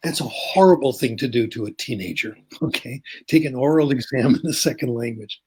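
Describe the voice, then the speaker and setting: In this interview, an elderly linguistics professor explains concepts and recounts stories, often pausing for a brisk "okay?". He speaks at a mid-range pitch, slightly bright, with a breathy edge.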